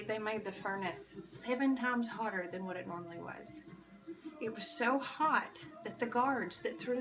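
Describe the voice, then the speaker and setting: A woman's voice: medium pitch, recorded from a distance, poor audio. A woman giving an earnest, emotional devotional talk to church kids, restarting her phrases often. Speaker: church kids' devotional speaker. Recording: music behind, voice a bit off-mic.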